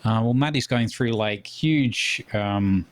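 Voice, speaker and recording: A man's voice: on the low side, slow pace. A man co-hosting a podcast, chatting casually in a hesitant way with many ums and restarts. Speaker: podcast co-host.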